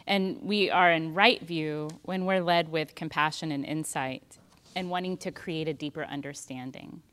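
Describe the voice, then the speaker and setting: A woman's voice: low-pitched, steady tone, normal speed, a bit bright, clean tone. A woman in casual conversation who explains Buddhist ideas plainly and affirms her co-host often.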